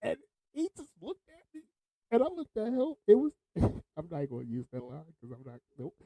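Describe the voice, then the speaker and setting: A man's voice: on the high side, wildly swooping pitch, moderate pace, warm tone, dry recording, low-quality recording. A man hosting a podcast, telling laid-back stories, laughing often and swearing freely. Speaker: podcast host. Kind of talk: casual storytelling.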